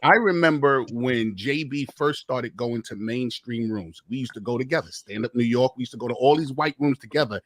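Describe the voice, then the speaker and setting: A man, a comedian, talking in a lively, emphatic way on a call-in panel discussion. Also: mid-range voice, fairly quick, few pauses, dry recording. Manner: lively, emphatic, slips into impressions. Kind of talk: animated casual debate.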